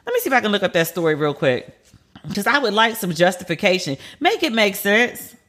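A woman's voice: on the low side, sing-song, fast, a bit bright. A woman hosting a podcast, giving blunt, profane and incredulous casual commentary on TV shows and the news.

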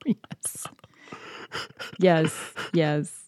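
A woman's voice: sits low, fairly even intonation, extremely slow, dark tone, no room sound, clean studio sound. A woman from Chicago with a Chicago accent, a guest chatting thoughtfully and hesitantly, with many fillers. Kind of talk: casual chat.

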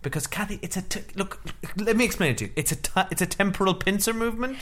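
A man's voice: high voice, expressive, fast, a bit bright. A man co-hosting a casual film review podcast, rambling, restarting sentences and laughing often. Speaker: podcast co-host.

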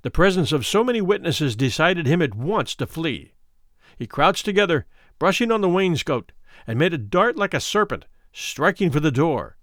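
A man reading a classic story aloud, measured and expressive, his pitch moving a great deal through each sentence. His voice sits slightly high, and the recording is dry and close with no room sound. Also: no echo. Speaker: narrator.

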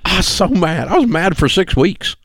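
A middle-aged man, hosting a money talk show and telling a folksy story in a lively voice. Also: sits high, normal speed, no room sound. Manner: folksy storyteller who puts on voices for quoted people. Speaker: radio show host.

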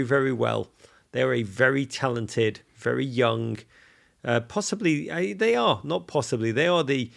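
Gravelly English man, effusive podcast co-host. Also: medium pitch. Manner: animated, effusive storytelling with frequent restarts. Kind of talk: casual podcast chat.

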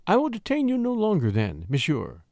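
A man's voice: sits high, huge pitch swings, a little fast, a little mellow, no echo, studio quality, voice pushed up, exaggerated voice. A man voicing a young, beautiful and coquettish French lady who talks with charming flutters. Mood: gracious.

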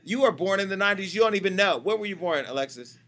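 Brash, sharp-voiced gossip host man. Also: high voice, animated, fast. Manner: brash, profane and teasing, talking to off-camera staff. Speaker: host of a celebrity gossip show. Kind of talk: casual gossip commentary.

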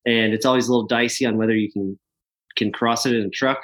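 A man's voice: medium pitch, steady tone, quick pace, fairly bright tone. A man who is a podcast guest, talking about his work in an easygoing casual chat and laughing along. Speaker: podcast guest, app founder.

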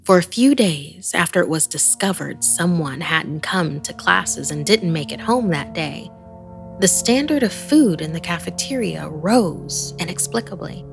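A woman narrating a first-person horror story in a measured, hushed storytelling manner, sometimes sinking almost to a whisper. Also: lively intonation, music in the background. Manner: slow, low and gravelly, dropping to hushed whispers.

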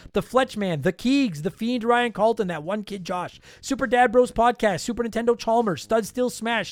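A man's voice: extremely high pitch, no echo. A man hosting a podcast, casually joking and rattling off a long list of patron names while his voice is tired and worn. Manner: joking, self-deprecating, rapid list reading. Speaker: podcast host.

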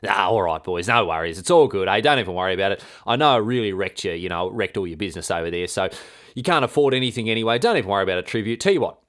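A man's voice: lowish voice, animated, rapid-fire, a bit bright, voice pushed down. A man voicing a ruthless medieval queen who talks in casual, dismissive, matey slang. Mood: breezy.

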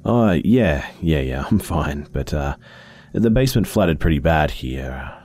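A man's voice: a bass voice, lively intonation, measured pace, darkish tone, full character voice. A man voicing an older, caring widowed father in a narrated story, talking with hesitant fillers. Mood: friendly.

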